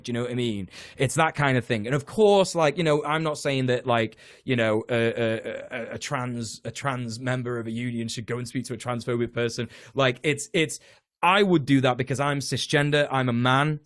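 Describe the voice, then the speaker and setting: A British man talks in an easy, sprawling way, stumbling over restarts and throwing in the occasional swear word. His voice sits at an ordinary pitch, and the recording is dry with no room sound. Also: normal speed, fairly bright tone, no room sound. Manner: rambling, many fillers and restarts, swears. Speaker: podcast guest, tenants union organizer. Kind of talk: casual political chat.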